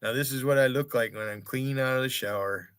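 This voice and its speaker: A man's voice: medium pitch, a little fast, a bit bright, clean tone, no room sound. An American man hosting a livestream, taunting and swearing at people in his chat in a mocking rant. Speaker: livestream host. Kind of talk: profane rant at chat viewers.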